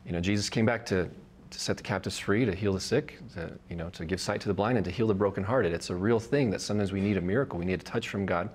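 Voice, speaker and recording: A man, a Bible teacher, answering viewer questions in a relaxed, frank, conversational way. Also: deep voice, fast, husky. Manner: relaxed, frank, practical advice.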